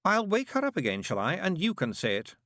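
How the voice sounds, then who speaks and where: A man's voice: high-pitched, huge pitch swings, fairly bright tone, no room sound, studio quality, pitched above the performer's own voice, exaggerated voice. Crowley, a man doing a sly mocking demon. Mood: sardonic. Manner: quick, mocking, petulant. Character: sly, flippant male demon.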